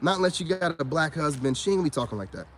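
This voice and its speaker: A man, ranting to camera in an animated, preachy monologue. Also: racing, a little hiss or hum. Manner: animated, preachy, rising to high-pitched exclamations. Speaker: vlogger.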